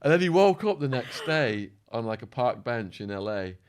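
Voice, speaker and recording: A man guest on a podcast, telling a wild story with lively acted-out quotes, swearing and laughing along the way. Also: mid-range voice, normal speed, clear, resonant tone. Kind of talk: animated storytelling.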